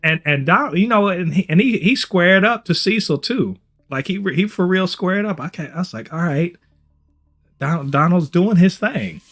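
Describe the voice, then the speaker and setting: A man's voice: high-pitched, lively intonation, moderate pace, a bit bright, faint music behind. A man co-hosting a TV review podcast, chatting animatedly with lots of swearing and restarts. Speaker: podcast co-host. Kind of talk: casual review chat.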